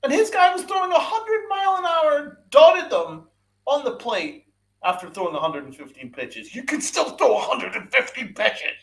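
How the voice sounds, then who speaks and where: A man with an extremely high, somewhat bright and creaky voice, swinging widely in pitch, talks at normal speed. On his podcast he rants furiously about sports to a live chat, swearing, repeating points and asking listeners rhetorical questions.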